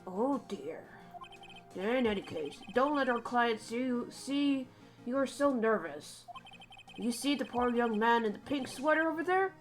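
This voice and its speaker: A woman's voice: fairly high pitch, animated, measured pace, faint music behind. A woman voicing a pompous, fussy older male defense lawyer who talks down to his junior in an old-fashioned way. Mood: patronizing.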